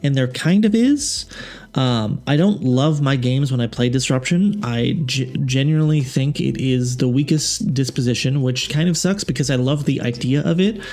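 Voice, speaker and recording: A man's voice: medium pitch, normal speed, darkish tone. A man hosting a casual tabletop game analysis, rambling and correcting himself as he goes, frank with his opinions. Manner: rambling, self-correcting, filler-heavy. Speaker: tabletop game channel host.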